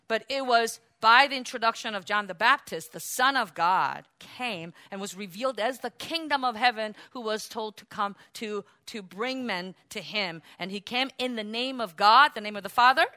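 A woman preaching a sermon, moving between quiet explaining asides and loud, emphatic, rising outbursts. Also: a little high, dry recording.

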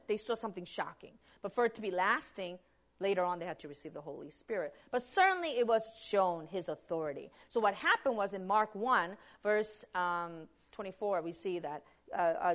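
A woman preaching a sermon in an animated, emphatic way, with frequent restarts and acted-out quotes. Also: mid-range voice.

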